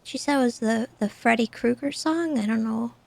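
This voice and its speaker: A woman in her thirties in a roleplay game, telling what happened in a hesitant, halting way. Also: fairly high pitch, gravelly, no room sound. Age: 30s. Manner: hesitant, repeats words while telling. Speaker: streamer and roleplay player. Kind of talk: in-character recounting in a game.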